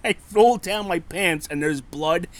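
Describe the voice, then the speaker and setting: A man's voice: high-pitched, measured pace. A man in his thirties co-hosting a casual podcast, telling a story with lots of laughter, swearing and acted-out quotes. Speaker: podcast co-host.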